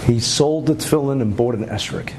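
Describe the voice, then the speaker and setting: A male rabbi giving a Torah lecture as an animated storyteller, with asides and rhetorical questions. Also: mid-range voice, a little fast, heavy background noise.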